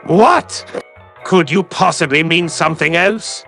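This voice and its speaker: A man's voice: fairly high pitch, slow pace, gravelly, a bit bright, soft background music. A man giving a sarcastic, condescending callout commentary as a YouTube commentator.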